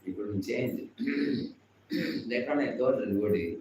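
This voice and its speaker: A man's voice: fairly low pitch, normal speed, darkish tone, a little hiss or hum. A man with an Indian English accent giving a chatty devotional class, laughing often and acting out the people he quotes. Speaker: spiritual teacher. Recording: echoey hall, far from the mic.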